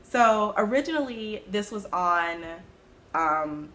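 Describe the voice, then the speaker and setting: A woman hosting her own knitting podcast, chatting casually about her projects and breaking into sudden high-pitched exclamations. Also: expressive, takes it slowly, fairly bright tone. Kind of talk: casual chat.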